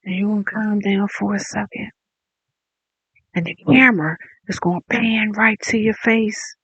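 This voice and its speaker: Slow, taunting commentator with dull lo-fi sound. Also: medium pitch, a bit bright, no room sound. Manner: taunting, profane, drawn-out storytelling. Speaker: online commentator. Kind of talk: mocking rant.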